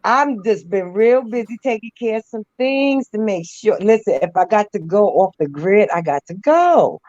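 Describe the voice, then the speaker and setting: A woman's voice: medium pitch, animated, moderate pace, a little mellow, no room sound. A woman joining a casual online chat, talking in an emphatic, folksy way and drawing out her phrases. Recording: dull, dry lo-fi mic.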